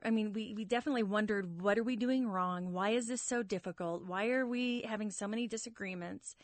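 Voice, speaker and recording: A woman's voice: medium pitch, no room sound. A woman guest on a radio talk show, speaking emphatically about how determined she and her husband were. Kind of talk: conversational testimony.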